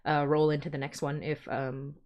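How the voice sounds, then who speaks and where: A woman's voice: low-pitched, flat delivery, normal speed, highs cut off. A woman hosting a podcast in casual chat, rambling with many fillers and restarts. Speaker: podcast host.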